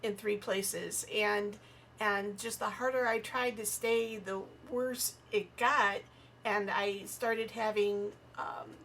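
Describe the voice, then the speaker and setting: A woman comedian appears as a podcast guest, chatting casually and sharing personal stories in an animated way, acting out the voices of people in them. Her mid-range voice moves slowly over slight background noise.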